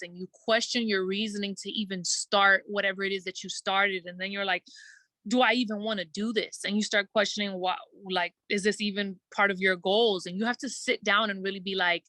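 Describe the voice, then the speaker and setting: A woman guest in a casual interview, telling her story earnestly and quickly, acting out her own thoughts and using many "like" fillers. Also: mid-range voice, steady tone, pushed and bright, dry recording. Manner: earnest, fast storytelling with quoted self-talk and many "like" fillers. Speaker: guest entertainer.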